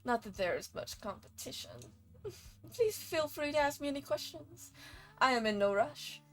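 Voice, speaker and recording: A woman voicing a flirty, relaxed woman café owner from a game, charming and unhurried. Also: high voice, voice pushed up.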